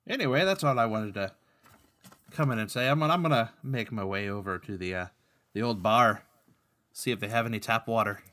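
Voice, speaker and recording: A man's voice: lowish voice, a little fast, pushed and bright. A man voicing a cheery Irish fisherman who loves boats, in an Irish accent with folksy banter, in a tabletop game. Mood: jovial.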